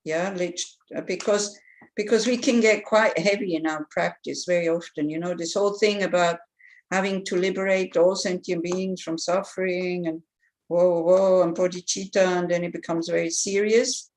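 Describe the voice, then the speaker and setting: A middle-aged woman, a Buddhist nun, teaching in a relaxed, chatty way and acting out the voices she quotes. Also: on the low side, normal speed. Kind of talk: dharma teaching.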